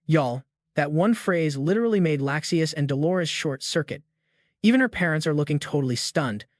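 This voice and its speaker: A man's voice: a little high, lively intonation, moderate pace, no room sound, studio quality. A man narrating a story recap in a casual, slangy style, talking straight to his listeners. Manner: chatty, slangy, addresses the audience directly.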